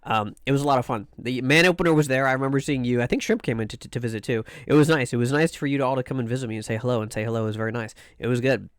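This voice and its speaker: A man's voice: medium pitch, rapid-fire, few pauses, smooth, no room sound, clean studio sound. Playful, rambling streamer man. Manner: playful, rambling, stammers and repeats words; sing-song chanted greetings. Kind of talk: casual live-stream chat.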